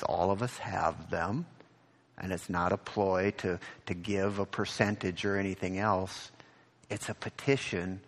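Male pastor, unhurried sermon delivery, earnest and repetitive, hall reverb. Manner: earnest, repeats words, rises in pitch on questions.

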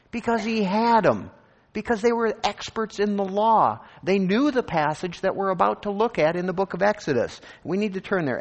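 A man preaching a sermon, animated and conversational, acting out scripture verses and imagined voices. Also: high-pitched, long reverb tail. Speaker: pastor.

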